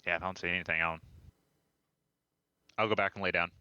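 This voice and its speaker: A man playing a tabletop game speaks hesitantly and trails off mid-thought. His voice is bright and forceful, and the recording is dry and close. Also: low-pitched, fairly even intonation, fast, clear, resonant tone, no room sound, dull audio. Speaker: player.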